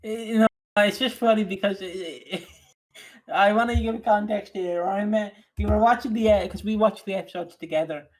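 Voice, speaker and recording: A man from Ireland trades banter on a podcast in a noticeably high voice. He jokes at his own expense and keeps stopping and restarting his sentences in easy, casual chat. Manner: joking, self-mocking, halting restarts. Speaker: podcast co-host.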